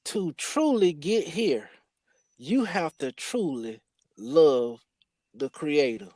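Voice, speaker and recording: A man's voice: on the high side, expressive, takes it slowly, warm tone, dry recording. A man hosting a talk show, preaching emphatically and often restarting his sentences. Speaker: host. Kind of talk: spiritual discussion.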